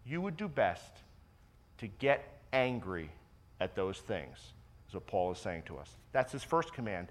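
A man preaching a sermon as pastor, stressing key phrases by repeating them and dropping into quiet confessional asides. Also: on the low side, sing-song, unhurried.

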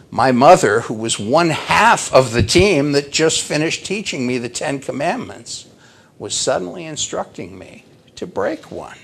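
Brief: older man, preacher, slow emotive storytelling, husky. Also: medium pitch, big pitch swings, fairly bright tone. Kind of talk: sermon storytelling.

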